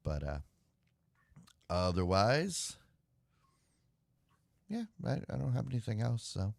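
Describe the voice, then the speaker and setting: A man's voice: on the low side, very animated, takes it slowly, creaky, no echo, studio quality. A man co-hosting a live web show, chatting casually and rambling with sighs and filler words. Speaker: podcast co-host. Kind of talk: casual chat.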